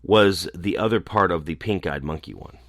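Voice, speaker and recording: A man's voice: deep voice, normal speed, a bit bright, no room sound, studio quality. A man voicing a shy, frightened small girl who stammers in a storybook. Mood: timid. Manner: timid, hesitant.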